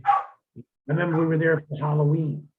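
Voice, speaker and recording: A man's voice: on the high side, level tone, moderate pace, very noisy. A man telling wrestling road stories in a casual interview, laid-back and profane, laughing as he goes. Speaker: guest, former wrestler. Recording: tinny phone-like line.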